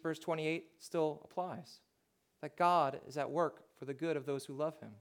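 A man with a notably high voice delivers a heartfelt sermon as a pastor. He preaches to the congregation in personal, confessional terms. His delivery sinks almost to a hush, then climbs back to full volume. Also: fairly even intonation, moderate pace. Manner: heartfelt, swings from soft to loud.

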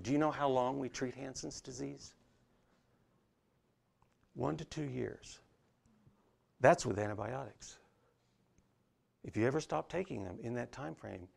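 A pastor preaching a sermon, swinging from hushed, intimate lines to loud, emphatic ones. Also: male voice, mid-range voice, creaky.

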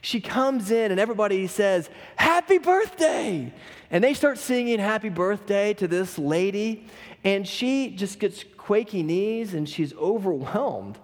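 A man's voice: high voice, a little slow. Earnest male pastor preaching. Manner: earnest storytelling, some repeats. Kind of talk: sermon. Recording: long hall reverb.

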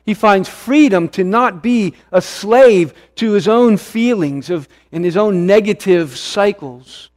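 Earnest high-voiced male preacher. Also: darkish tone. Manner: earnest, with emphatic repetition and slow stressed phrases. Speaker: pastor. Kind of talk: sermon.

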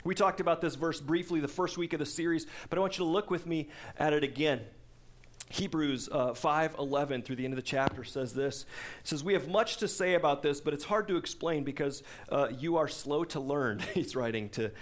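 Conversational preacher, a man with a higher voice. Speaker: pastor. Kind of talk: sermon.

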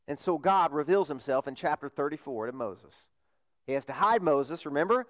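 A man's voice: on the high side, lively intonation, normal speed. A man preaching a sermon as a pastor, talking conversationally and asking his congregation rhetorical questions.

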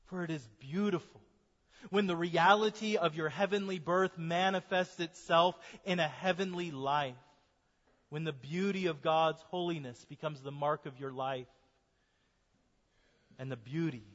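A man's voice: on the high side, fairly bright tone. An American man, a pastor, preaching an earnest sermon to his congregation in a church. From United States. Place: church sanctuary. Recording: dull sound with long hall reverb.

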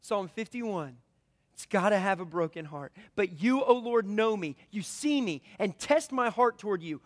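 High-voiced preacher, loud and hushed. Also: male voice, expressive, normal speed, in a large hall. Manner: conversational preaching with sharp swings from loud to hushed. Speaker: pastor. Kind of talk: sermon.

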